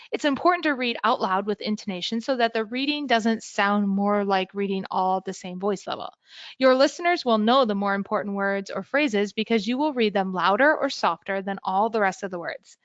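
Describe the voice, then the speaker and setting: A woman giving an instructional talk to teachers, clearly explaining how to teach reading skills step by step. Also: mid-range voice, no echo, lo-fi sound. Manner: clear, explanatory, modeling sample lesson language. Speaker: teacher educator.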